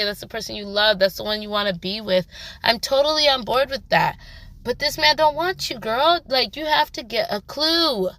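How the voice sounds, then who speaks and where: A woman giving a chatty, animated recap of a drama episode, with slangy asides to her viewers. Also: mid-range voice, no echo. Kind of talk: casual spoken review.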